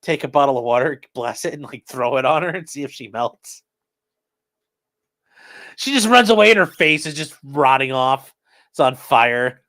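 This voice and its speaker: A man hosting a live stream, reading chat aloud and answering with sarcastic commentary and sudden shouted mock voices. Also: medium pitch, animated, moderate pace, long pauses, dry recording.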